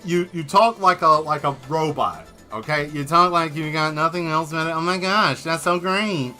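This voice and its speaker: Bright-voiced joking man streaming live. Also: on the high side, normal speed, faint music behind. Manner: joking, rambling, talks straight to viewers. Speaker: livestream host painting and answering chat. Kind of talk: casual livestream chat while drawing.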